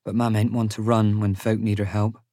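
Male narrator, low voice, dry studio sound, measured sombre first-person fantasy reading. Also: level tone, warm tone, no room sound. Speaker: audiobook narrator.

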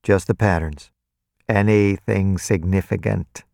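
A man voicing a cold, calculating vampire who speaks slowly and evenly, with a practiced, hollow sympathy. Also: sits low, steady tone, gravelly, darkish tone, no echo, studio quality. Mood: cold, measured. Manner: slow, measured, detached.

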